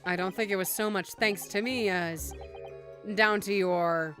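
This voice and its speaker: A woman voicing an earnest young male lawyer in a lowered, sober voice, with faint game music behind. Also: fairly even intonation, measured pace, fairly bright tone, lightly acted. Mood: subdued. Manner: low, subdued, sober reading.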